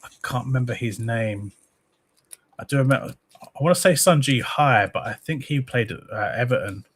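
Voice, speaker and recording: A man's voice: mid-range voice, animated, moderate pace, a bit bright, breathy edge. Rambling man hosting a football stream. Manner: rambling, reads viewer comments aloud. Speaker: host of a football fan channel. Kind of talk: casual live-stream chat.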